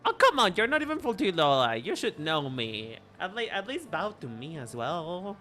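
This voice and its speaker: A man's voice: on the high side, very animated, normal speed, sharp tone, faint music behind. A man chatting casually to his viewers while livestreaming a game, playful and teasing, often repeating and restarting his words. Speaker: VTuber streamer.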